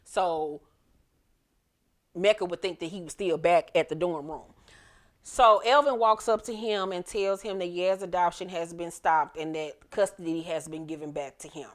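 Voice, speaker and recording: A woman's voice: lowish voice, steady tone, normal speed. A woman casually recapping a TV episode, chatty and profane, acting out the characters' lines as she goes. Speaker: TV episode reviewer.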